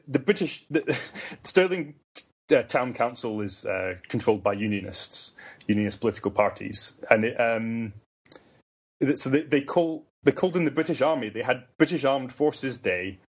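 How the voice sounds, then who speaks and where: A young Scottish man answering questions in a relaxed conversation, often restarting sentences and laughing lightly. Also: mid-range voice, moderate pace, slightly rough. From Scotland. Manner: hesitant, many restarts, laughs easily. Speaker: guest. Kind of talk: casual conversation.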